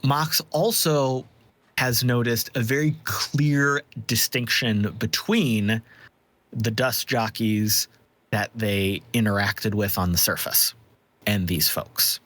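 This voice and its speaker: A man running a tabletop game as game master, describing scenes in a measured way, with occasional ums. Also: on the low side, steady tone, fairly bright tone, dry recording.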